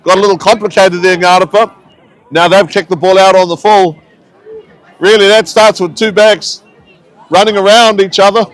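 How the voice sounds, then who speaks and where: A man giving relaxed, chatty live commentary on a local rugby match, with friendly asides between the plays. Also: high voice, normal speed, a faint crowd, low-quality recording. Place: outdoors at a rugby ground.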